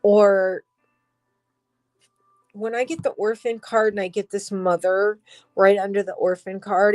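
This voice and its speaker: A woman giving a personal tarot reading, emotional and halting, crying as she talks, with sighs and soft whispered asides. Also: mid-range voice, fairly even intonation, no echo, soft background music, rough recording. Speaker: tarot reader.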